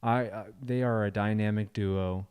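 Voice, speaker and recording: A man hosting a casual chat show, introducing viewer videos in a halting way with many pauses and restarts. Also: on the low side, fairly even intonation, darkish tone, clear, resonant tone, no echo. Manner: halting, full of fillers and restarts. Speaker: show host.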